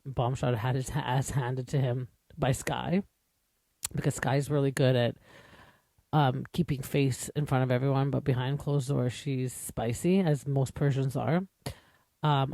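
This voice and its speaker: Chatty man with a mellow voice. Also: mid-range voice, vocal fry, no echo. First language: English. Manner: chatty, opinionated, lots of fillers and asides. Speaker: podcast host. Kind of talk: casual recap commentary.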